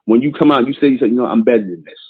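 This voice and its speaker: Host, male, emphatic repetitive preacher; husky voice over a tinny phone line. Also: medium pitch, racing. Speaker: show host. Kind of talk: preachy call-in show monologue.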